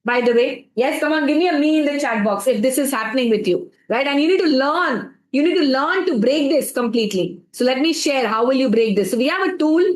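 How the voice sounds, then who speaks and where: A woman with an Indian English accent coaches a live stream audience in a motivational talk, mixing Hindi phrases into her English and repeatedly asking the chat to reply. Her high voice is expressive and fairly quick, with few pauses. The rough recording has noticeable reverb.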